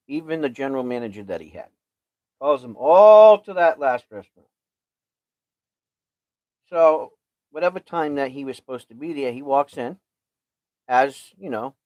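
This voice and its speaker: A man's voice: mid-range voice, animated, normal speed, long pauses, darkish tone, no echo, muffled recording. A man casually retelling a story he watched, rambling and checking in with "right?" as he goes. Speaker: show host.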